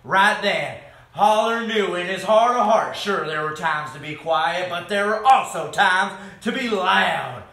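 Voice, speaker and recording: A man reading a picture book aloud to children, expressive and chatting with them between pages. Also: high voice, measured pace, few pauses. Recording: echoey room.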